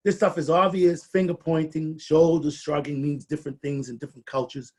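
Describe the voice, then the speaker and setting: A man's voice: on the high side, fairly even intonation, fairly quick, darkish tone. A middle-aged man giving a conversational training presentation, often restarting and repeating words as he talks.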